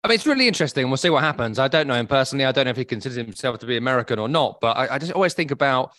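A man's voice: medium pitch, lively intonation, very fast, sharp tone, dry recording, studio quality. A man co-hosting a casual football podcast, blunt, opinionated and wry. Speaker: podcast co-host.

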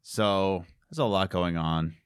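A man's voice: sits low, steady tone, slow, clean tone, no echo, clean studio sound. A man co-hosting a podcast in casual chat, joking and teasing. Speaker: podcast co-host.

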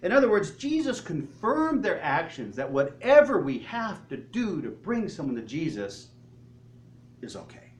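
A male pastor preaching a sermon, telling the story in an animated way and asking the congregation questions. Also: a little high, a little slow, a little hiss or hum. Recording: echoey hall, faint ambience.

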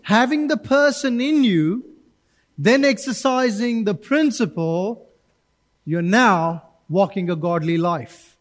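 A male pastor preaching a sermon in church, animated, acting out little voices and asides to the congregation. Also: sits high, slow pace.

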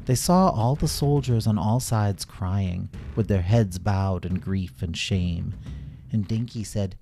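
Male storyteller for kids, expressive, mellow, faint music underneath. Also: fairly low pitch, slow pace, vocal fry. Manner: gentle, expressive reading with voices. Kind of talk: children's bedtime story narration.

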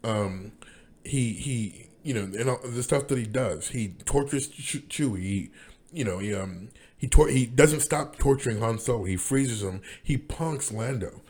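A man's voice: medium pitch, unhurried, a little mellow. A man rambling through a casual monologue as podcast host, with many restarts and fillers.

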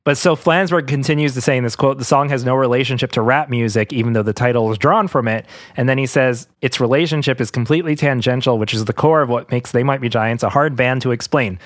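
A man's voice: mid-range voice, fast talker, hardly any pauses, no echo, clean studio sound. Rambling, laughing male podcast co-host. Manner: chatty, rambling, laughs often. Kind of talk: casual chat.

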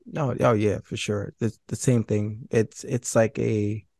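A man speaks as a guest in a candid interview, earnest and halting as he restarts his thoughts. His voice has a gravelly edge. The sound is dry and close. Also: fairly low pitch, steady tone, darkish tone, no echo.

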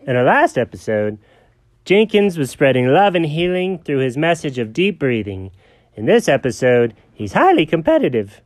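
A man hosting and narrating a comic sketch in a dry, patient, deadpan way. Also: a little high, normal speed, no echo. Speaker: comedy podcast host and narrator.

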